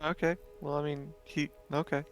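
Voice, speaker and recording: A man's voice: a little high, flat delivery, normal speed, faint music behind. A man playing a tabletop game, asking questions in a slightly exasperated way. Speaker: player. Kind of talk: casual tabletop play.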